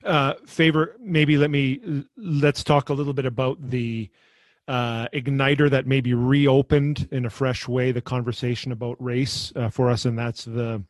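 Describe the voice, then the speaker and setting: A man hosting a podcast, asking questions gently with many pauses and fillers. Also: medium pitch, steady tone, no echo. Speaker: podcast host. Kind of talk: interview hosting.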